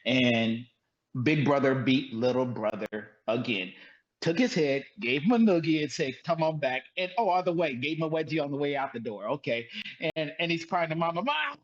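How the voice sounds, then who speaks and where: A man co-hosting a sports talk show, debating football in an animated, emphatic way with lots of repetition. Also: on the high side, moderate pace, lo-fi sound.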